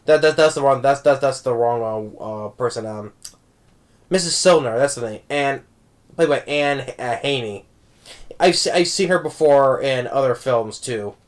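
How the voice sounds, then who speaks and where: A man's voice: medium pitch, normal speed. Rambling man reviewing a film. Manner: rambling, with many restarts and "right?" tags; warm, amused fan talk. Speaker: movie reviewer. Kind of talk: casual spoken film review.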